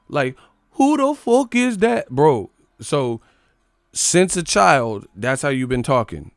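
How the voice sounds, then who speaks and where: Gravelly, profane man ranting on stream. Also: medium pitch, no echo. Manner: profane, animated, mocks others in put-on voices. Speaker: boxing channel host. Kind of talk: live stream rant.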